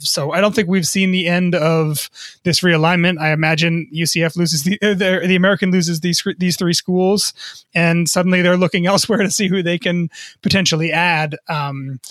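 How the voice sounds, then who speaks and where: A man's voice: fairly high pitch, a bit bright, no echo, studio quality. A man co-hosting a sports business podcast, talking casually and often repeating words as he thinks. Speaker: co-host, sports business reporter.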